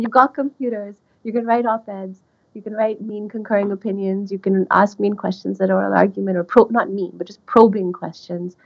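A woman's voice: medium pitch, a little mellow, husky, dull audio. A woman guest talking through legal ideas in a hesitant way, with many fillers and restarts. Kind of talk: academic conversation.

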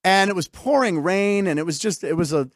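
A man's voice: sits high, fairly quick, no echo, studio quality. A man hosting a casual talk show, telling stories and acting out the people in them. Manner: animated storyteller, acts out quotes. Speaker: host. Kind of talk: casual chat.

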